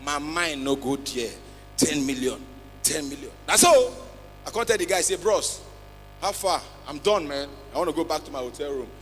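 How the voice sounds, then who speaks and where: A man with a Nigerian accent doing a stand-up comedy routine on a big festival stage, switching between Pidgin and English with loud acted outbursts. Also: a little high, expressive, moderate pace. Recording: long hall reverb, faint music.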